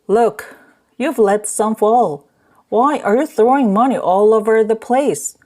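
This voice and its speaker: A woman's voice: on the high side, measured pace, a little mellow, pitched above the performer's own voice, close to an everyday voice. A woman voicing a wary drinking companion. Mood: mild scolding.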